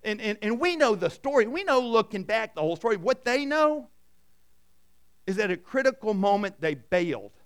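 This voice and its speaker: High, clear-voiced preaching man. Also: big pitch swings, moderate pace. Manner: dynamic preaching, swings from loud emphasis to hushed. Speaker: pastor. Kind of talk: sermon.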